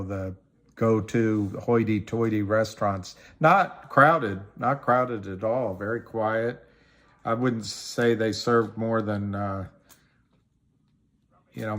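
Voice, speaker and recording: Slow, halting male livestream host. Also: lowish voice. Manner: slow, halting, many ums and restarts. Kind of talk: casual livestream chat reading viewer comments.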